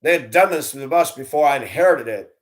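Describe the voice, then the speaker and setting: A man telling stories about his years as a school bus driver, blunt and animated, acting out the voices he quotes. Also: mid-range voice, fast talker. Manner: blunt, plain-spoken. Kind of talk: storytelling monologue.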